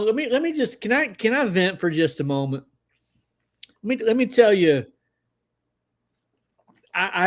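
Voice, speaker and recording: Male livestream host, slightly high voice, casual, excitable, greets chat by name.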